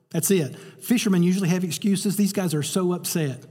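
A man's voice: on the high side, fairly even intonation, brisk, dark tone, husky. A man preaching a sermon, telling a story and acting out the voices he quotes. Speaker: pastor. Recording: reverberant hall.

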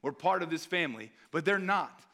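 Conversational preacher man, slightly high voice. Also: expressive, brisk, vocal fry, bright, forceful tone. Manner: conversational, asks the audience often with "right?". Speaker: missionary preacher. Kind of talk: sermon.

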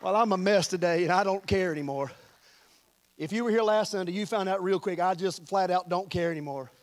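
A man's voice: sits high, a little fast. A man preaching a sermon as pastor, in an impassioned, colloquial style.

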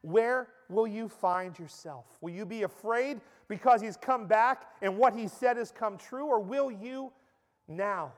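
A man's voice: high voice, measured pace. A man preaching a sermon with impassioned, emphatic delivery in a church. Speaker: pastor. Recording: echoey church hall.

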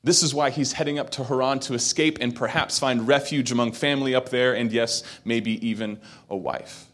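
A man's voice: medium pitch, fairly even intonation, normal speed, a bit bright. A man preaching a sermon, retelling a story with acted quotes and building to emphatic peaks. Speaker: pastor.

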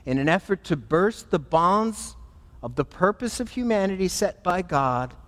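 A man, a pastor, preaching a sermon in an animated, emphatic way. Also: high voice, a little slow, big-room sound.

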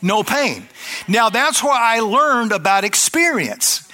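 A middle-aged male preacher with a high, bright voice. He tells his story in a loose, chatty way, full of restarts and asides to the people listening. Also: very animated, takes it slowly. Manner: rambling, conversational, with many restarts and asides to the congregation. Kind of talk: storytelling sermon.

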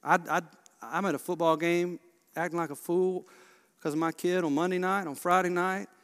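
A Baptist pastor, preaching a sermon with passion, swinging from hushed to loud. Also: male voice, high-pitched, fairly even intonation, moderate pace, smooth. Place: large church sanctuary. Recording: long church reverb.

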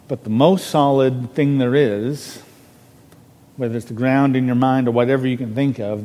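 A minister preaching a sermon from a podium, earnest and conversational, stressing key words. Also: male voice, mid-range voice, mellow, long reverb tail. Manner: earnest, conversational preaching with restarts and rising emphasis. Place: church sanctuary on a raised podium.

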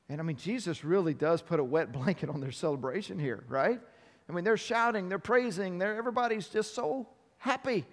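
A man's voice: a little high, big-room sound. A man preaching a sermon, talking conversationally, repeating words as he restarts and building up emphasis on key points. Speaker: pastor.

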